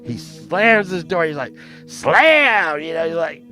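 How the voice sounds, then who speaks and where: A man's voice: a little high, moderate pace, pushed and bright. A man telling a story in a rambling, profane way, often laughing at his own tale. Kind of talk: casual storytelling. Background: plucked guitar music.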